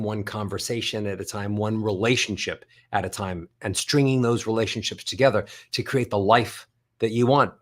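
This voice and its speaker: Middle-aged guy voice coach, super animated, voice jumps way up and down, mid pitch. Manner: animated, demonstrates voice melodies by singing up and down. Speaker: voice coach and author. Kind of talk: lively motivational talk.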